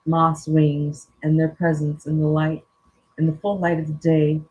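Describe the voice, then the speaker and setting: Husky-voiced spiritual coach reading slowly. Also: mid-range voice, a little mellow, rough recording. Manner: slow, earnest reading broken by casual joking asides. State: teary-eyed. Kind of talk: reading an inspirational spiritual text aloud.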